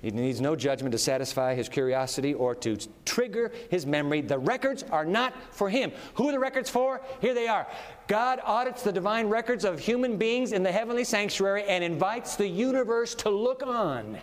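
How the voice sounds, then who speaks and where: Animated male preacher in a reverberant hall. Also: high-pitched, normal speed. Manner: animated, conversational, laughs often. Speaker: pastor. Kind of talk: sermon. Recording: long reverb of a big hall.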